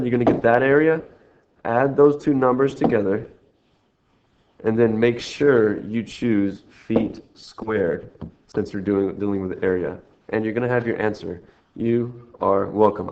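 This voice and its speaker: A man's voice: medium pitch, moderate pace, creaky, a little mellow. A man teaching a recorded math lesson, walking through problems in a jokey, self-mocking, rambling way. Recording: dull lo-fi screen recording.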